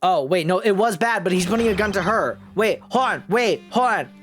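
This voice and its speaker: A woman streamer reacting live to a game with loud, profane outbursts. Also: mid-range voice, expressive, brisk. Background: game music.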